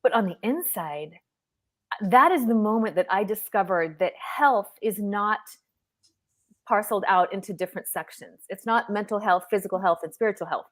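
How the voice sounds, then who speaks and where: A woman's voice: medium pitch, normal speed, fairly bright tone. A middle-aged woman telling a personal story as a guest on a live stream, speaking earnestly and vividly over a video call. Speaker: guest panelist.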